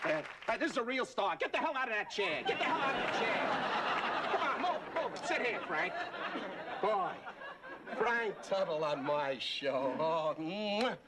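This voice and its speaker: A man's voice: sits high, expressive, unhurried, a loud crowd. An actor playing a brash male late-night talk show host who mocks his sidekick and guests in a sitcom. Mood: mocking. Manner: mocking, brash, insulting. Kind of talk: sitcom acting. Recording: sitcom audio with loud audience laughter and noise.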